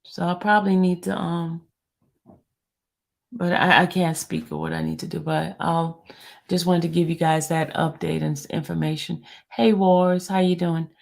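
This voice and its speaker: A woman's voice: lowish voice, steady tone, normal speed, vocal fry. A woman blogger on a live stream, talking to her viewers in a frustrated way and often repeating herself. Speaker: court news blogger.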